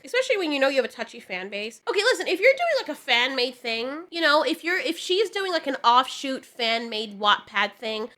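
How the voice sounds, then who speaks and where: A young woman commentator with a bright, high voice that bounces through a lively range. She reacts animatedly, laughs often and slips into mocking voices as she talks. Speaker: YouTube commentator.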